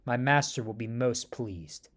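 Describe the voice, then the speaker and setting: A man's voice: mid-range voice, a little slow, a bit bright, voice pushed down. A man doing a haughty alien herald. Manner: grave, formal speech.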